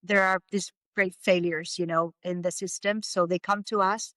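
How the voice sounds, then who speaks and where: A middle-aged woman from Spain, a guest on a podcast who owns an English academy, speaks English with a Spanish accent in a casual chat. Her voice is on the low side with fairly even intonation and a moderate pace, and there's no room sound. She tells stories warmly, with frequent fillers and restarts.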